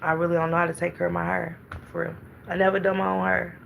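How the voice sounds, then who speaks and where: A woman's voice: lowish voice, level tone, fast, creaky, narrow, tinny audio, a little hiss or hum. A middle-aged woman, chatting casually on a livestream and greeting her viewers by name.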